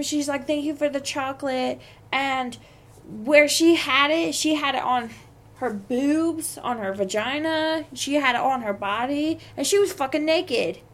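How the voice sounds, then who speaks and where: A young woman talks through workplace drama on her podcast, swearing freely as she vents. Her voice sits high. She takes her time, drawing words out slowly. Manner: profane, venting, heated. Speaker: podcast host. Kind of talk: casual storytelling monologue.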